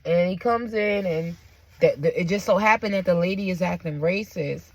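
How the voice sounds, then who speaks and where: A woman's voice: on the low side, normal speed, darkish tone. A woman telling a personal story on her vlog, emphatic and blunt, with frequent asides to her viewers. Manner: blunt and profane. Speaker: vlogger.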